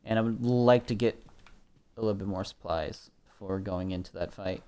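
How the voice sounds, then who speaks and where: A man's voice: lowish voice, moderate pace. A young man from Minnesota casually commenting while he plays a horror game, chatting with viewers and swearing now and then. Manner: relaxed, chatty, swears often. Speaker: streamer.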